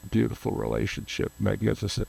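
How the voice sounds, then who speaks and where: A man's voice: fairly low pitch, monotone, fairly quick, gravelly, warm tone, husky. An older man, a photographer guest, telling long rambling anecdotes in an interview, often losing names and restarting.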